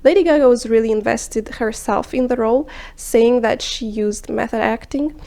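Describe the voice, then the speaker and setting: A woman narrating a scripted film review video in a measured, explanatory way, sometimes dropping into hushed asides. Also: fairly high pitch, gravelly.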